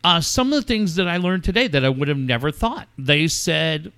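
A middle-aged male radio host telling a story in an animated, swooping voice that runs high for a man. His tone is bright and sharp as he acts out each phone call with quoted voices. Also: normal speed, few pauses, smooth. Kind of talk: casual storytelling on air.

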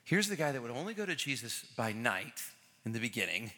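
A man preaching a sermon as pastor, animated and repeating key phrases, acting out the people in the story. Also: medium pitch, a little fast. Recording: large hall with long reverb.

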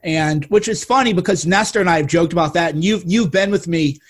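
Blunt, indignant man with a husky voice. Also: fairly high pitch, brisk. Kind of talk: casual political chat.

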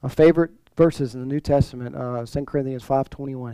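Man preaching a conversational sermon, mellow voice. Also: medium pitch, fairly even intonation, fast talker, few pauses, clean tone, no room sound, rough recording. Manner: conversational preaching with many restarts and rhetorical questions. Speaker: pastor.

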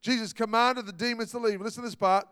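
A man preaching a sermon, animated and dramatic. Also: high voice, fast, smooth, no room sound, studio quality, big-room sound. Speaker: pastor.

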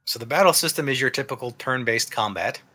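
Bright voiced guy rambling about a game on a podcast, keeps restarting sentences. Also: mid-range voice, quick pace, breathy edge. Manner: rambling, lots of restarts, explains things. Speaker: podcast co-host reviewing a game. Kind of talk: casual chat.

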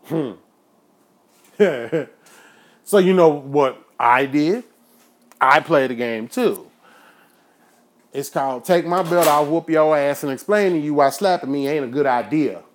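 A man hosting his own show, ranting in a profane, preachy monologue that flares into shouting. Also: fairly high pitch, a little slow, long pauses, slight background noise. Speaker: podcast host.

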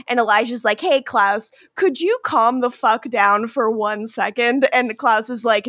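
A woman's voice: on the high side, measured pace, few pauses, a bit bright, no room sound, studio quality. A woman co-hosting a podcast, casually recapping an episode and acting out the characters' lines with plenty of swearing and laughter. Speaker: podcast co-host.

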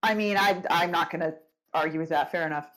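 A woman's voice: on the low side, quick pace, fairly bright tone, low-quality recording. A young woman hosting a casual podcast interview, giggly and teasing, calling out to her co-hosts. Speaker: podcast host.

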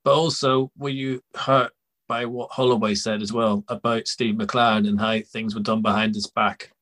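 A man's voice: on the low side, little pitch movement, moderate pace, a bit bright. A Northern Irish man hosting a podcast, asking questions in a jokey, chatty way. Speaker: podcast host. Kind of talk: podcast interview.

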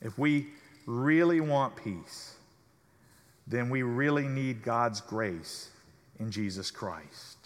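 A male pastor preaching a sermon in a measured cadence, letting his voice fall soft at the ends of phrases. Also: medium pitch, animated, in a large hall.

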